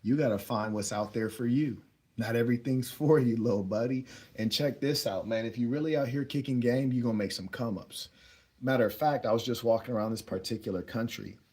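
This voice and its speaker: A young man telling a story as a dating advice host, relaxed and slangy, often chuckling as he talks. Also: medium pitch, a little fast, slightly rough. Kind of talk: casual storytelling monologue.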